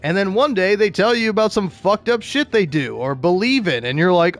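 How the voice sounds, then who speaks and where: A man's voice: sits high, expressive, moderate pace, hardly any pauses. A young man giving casual gameplay commentary, rambling and swearing, often laughing as he rants. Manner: rambling, profane ranting with frequent laughter. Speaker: video game streamer.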